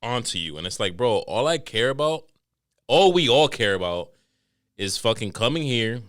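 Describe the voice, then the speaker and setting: A man's voice: medium pitch, very animated, moderate pace, a bit bright. Brief: young male podcast host from New York, casual and profane, easygoing storyteller. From New York City. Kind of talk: casual chat.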